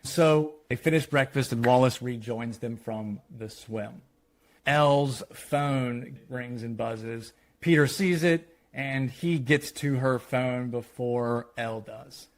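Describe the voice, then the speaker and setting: A man, a screenwriter, walking through a screenplay treatment in a lively retelling that quotes the characters. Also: medium pitch, slow. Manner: animated retelling, quoting characters.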